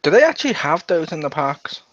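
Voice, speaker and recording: A man's voice: fairly high pitch, very animated, brisk, a bit bright, no echo. A man who is a guest on a casual review podcast, adding playful, joking asides. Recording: dull lo-fi dry recording.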